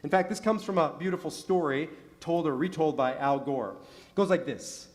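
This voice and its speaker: With a fairly high voice at normal speed, this middle-aged rabbi preaches from the synagogue sanctuary. Stories and rhetorical questions carry his sermon, each delivered with rising emphasis.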